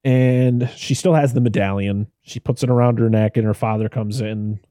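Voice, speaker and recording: Man, podcast co-host, mellow voice, dry sound, casual chatty recap. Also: medium pitch, fairly even intonation, moderate pace, dry recording. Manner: retells scenes chattily, laughs often. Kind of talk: casual film-review chat.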